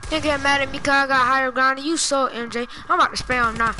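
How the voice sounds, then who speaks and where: A woman's voice: sits high, steady tone, fast talker, noisy background. A woman trash-talking her opponent during casual gaming banter, taunting and slipping into sing-song chants.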